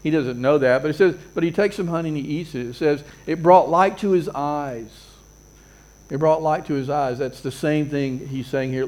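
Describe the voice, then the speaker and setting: A man's voice: fairly high pitch, moderate pace, darkish tone. A man preaching a sermon as a pastor, earnest, repeating phrases and building emphasis.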